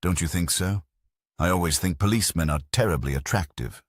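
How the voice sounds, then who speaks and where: A giddy young man with a shrill, excitable voice, as a deep-voiced male narrator puts him on. He pitches up and chatters quickly in a mystery audiobook. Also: slightly rough, dry recording, clean studio sound. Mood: excited.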